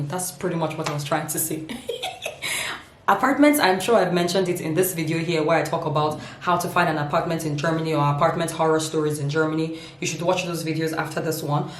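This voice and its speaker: Woman vlogger, lower voice, teasing and animated, laughs through her points; echoey home room. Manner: playful, laughs often, dramatic emphasis. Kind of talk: humorous casual vlog.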